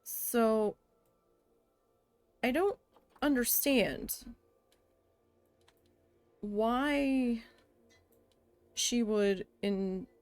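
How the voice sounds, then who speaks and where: A woman streaming a building game, telling a story in a casual, venting way with a lot of swearing, and muttering quietly to herself while she builds. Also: mid-range voice, smooth, no room sound. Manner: chatty venting with frequent swearing.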